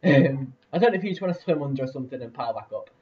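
A young man hosts a let's play, casually commentating a building game and rambling with many fillers and laughs. His mid-range voice is animated and rapid-fire, recorded with a distant lo-fi mic.

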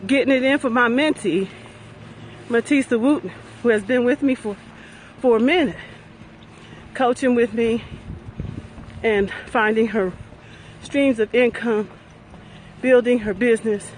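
A woman's voice: a little high, unhurried, pauses often, a little hiss or hum, rough recording. A middle-aged woman, live-streaming from her phone while out on a walk, upbeat and chatty and short of breath. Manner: upbeat, chatty, cheering herself on. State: out of breath from walking. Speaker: investment coach and vlogger. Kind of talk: live-streamed walking vlog. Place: outdoors on a walking path by a pond.

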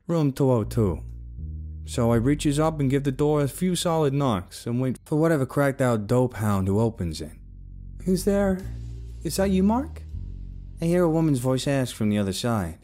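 A man narrating a first-person story in a rough, casual tough-guy way, with plenty of swearing, over faint music. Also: medium pitch, darkish tone.

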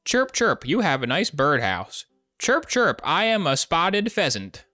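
Figure: a man squeaking as a chirpy pet. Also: huge pitch swings, measured pace, sharp tone, no echo, studio quality, exaggerated voice. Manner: high squeaky yelps between words. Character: silly pet begging adoption, cat, dog, bird. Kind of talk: game voice chat role-play. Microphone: desk microphone.

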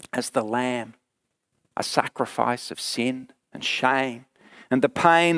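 A man preaching a sermon, asking dramatic rhetorical questions and moving between hushed and intense passages. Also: mid-range voice, no room sound, studio quality.

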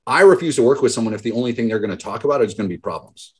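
Husky-voiced man giving a motivational talk. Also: mid-range voice, expressive, racing, a little mellow. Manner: storytelling, acts out quoted voices. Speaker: business mentor. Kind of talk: motivational talk to a group call.

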